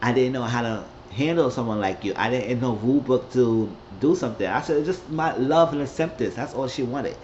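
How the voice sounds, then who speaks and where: A man recapping a TV episode in a loose, rambling way, jumping into characters' lines with a raised, lively voice. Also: brisk, hardly any pauses, dull audio, a little hiss or hum. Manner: rambling, acts out quotes with raised pitch. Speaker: recap host.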